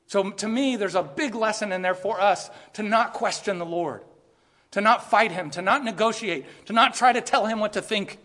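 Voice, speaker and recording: A man with a high voice preaches a sermon in a large room with a long, trailing reverb. He talks earnestly, climbs to emphatic peaks and then drops to quiet, low asides. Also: moderate pace. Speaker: pastor.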